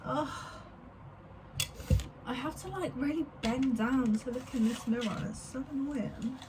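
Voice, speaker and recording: Young woman vlogging, rambly and sweary, slightly high voice, chatting while doing her hair at home. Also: unhurried, noisy background. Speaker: beauty vlogger. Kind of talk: casual chat to camera. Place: home, getting ready at a mirror.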